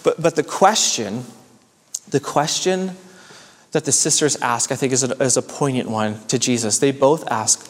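A man preaching a sermon as pastor, with loud, high-pitched questions, a low, soft voice on closing points, and repeated words as he searches for phrasing. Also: moderate pace, long reverb tail.

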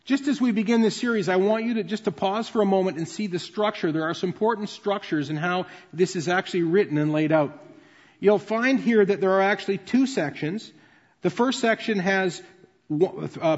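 High-voiced male pastor, booming hall. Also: a little mellow, husky. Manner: conversational, explanatory teaching. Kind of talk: sermon. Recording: dull sound with long reverb in a large hall.

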